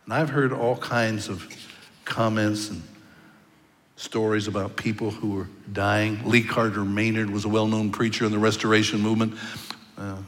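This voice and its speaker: A man's voice: fairly low pitch, level tone, moderate pace, a bit bright. A man preaching a sermon, telling stories in a conversational way with occasional stammered restarts. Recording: long reverb of a large hall.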